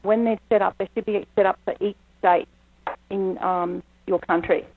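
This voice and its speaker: A woman's voice: mid-range voice, steady tone, moderate pace. Aussie lady phoning into a talk show, friendly, lots of ums, tinny phone sound. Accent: Australian. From Australia. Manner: friendly, hesitant, many ums. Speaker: caller. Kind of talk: phone-in conversation. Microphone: telephone.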